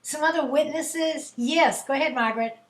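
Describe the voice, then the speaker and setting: A woman's voice: sits high, normal speed, echoey room, rough recording. A woman hosting a spiritual session over a video call, laughing often and rising into a preacher-like cadence. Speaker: host leading a spiritual prayer session.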